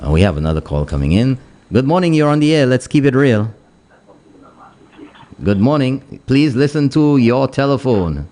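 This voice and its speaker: A man's voice: mid-range voice, very animated, moderate pace, dark tone. A man with a Saint Lucian accent hosting a morning radio call-in show. He talks in a playful, teasing way and mixes English with Kwéyòl. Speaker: radio talk show host.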